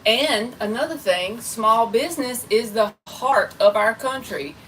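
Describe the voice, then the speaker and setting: A woman's voice: on the high side, expressive, a little slow, a bit bright, recorded from a distance, faint music behind, poor audio. A woman tarot reader chatting casually and rambling on a live stream, talking straight to her viewers. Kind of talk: casual livestream chat.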